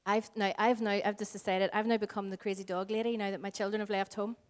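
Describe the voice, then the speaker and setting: A woman in her forties with a Northern Irish accent, preaching a sermon as pastor, earnest and shifting between slow emphatic lines and soft, hushed phrases. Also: medium pitch, level tone. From Northern Ireland. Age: 40s. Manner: earnest, varies pace, drops to soft whispers for emphasis.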